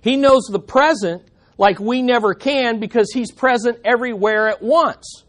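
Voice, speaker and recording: A middle-aged male pastor preaching a sermon, animated and given to joking asides with his congregation. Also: very high voice, moderate pace.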